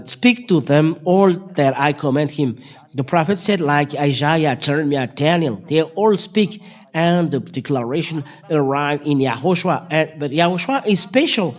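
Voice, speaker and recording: Brief: non-native male preacher, higher-pitched, stop-start delivery, dull lo-fi recording. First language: Malagasy or French. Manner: halting, repetitive, many fillers and restarts. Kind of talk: Bible teaching. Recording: dull lo-fi sound.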